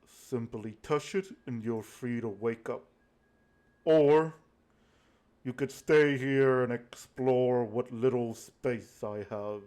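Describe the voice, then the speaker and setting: A man voicing Death, a calm, aloof male keeper of souls who speaks low, quiet and measured, with slow pacing. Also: natural voice. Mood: solemn.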